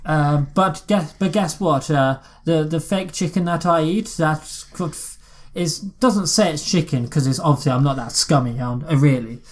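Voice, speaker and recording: A woman's voice: low-pitched, moderate pace, few pauses. A woman co-hosting a podcast, chatting casually about a film with joking asides and the odd swear word. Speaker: podcast co-host.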